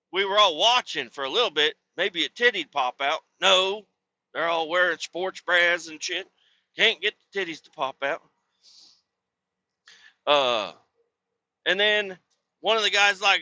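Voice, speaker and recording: A man's voice: high voice, unhurried, bright, forceful tone, no room sound, dull audio. A man hosting a podcast, telling a rambling, crude story in casual chat with lots of swearing. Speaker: podcast host.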